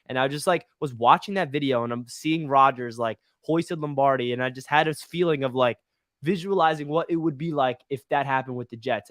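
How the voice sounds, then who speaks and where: A young man hosting a casual sports fan chat, excitable and rambling with lots of fillers. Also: medium pitch, no room sound, studio quality. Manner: excitable, fast-talking, many "like" fillers. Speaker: podcast host.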